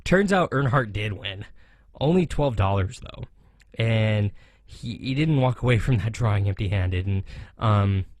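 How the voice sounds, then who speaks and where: An American man hosting a racing talk show, giving animated, opinionated commentary with sarcastic asides. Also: on the low side, dry recording, clean studio sound. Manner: animated, sarcastic, mocks others in jokey voices.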